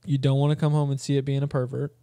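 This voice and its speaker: A man's voice: mid-range voice, flat delivery, rapid-fire, mellow, no room sound. A man co-hosting a podcast in casual chat, rambling and joking with frequent laughs. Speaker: podcast co-host.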